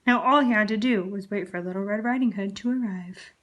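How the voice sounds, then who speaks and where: A woman reading a children's storybook aloud in a gentle, expressive way. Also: medium pitch, brisk. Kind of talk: children's book read-aloud.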